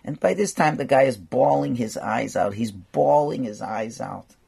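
A man giving a storytelling sermon as a rabbi, animated and sprinkled with Yiddish and Hebrew words. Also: medium pitch, moderate pace, gravelly, husky.

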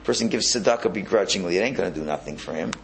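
Gravelly man teaching with animation. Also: sits low, very fast, a little hiss or hum. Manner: animated, repeats words, restarts phrases. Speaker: religious teacher. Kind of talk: Hasidic Torah class.

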